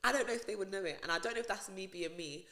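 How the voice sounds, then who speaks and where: A woman's voice: mid-range voice, rapid-fire, pushed and bright. A woman, chatting casually as a podcast guest, laughing often. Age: 20s. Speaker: radio presenter, podcast guest. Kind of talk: casual chat.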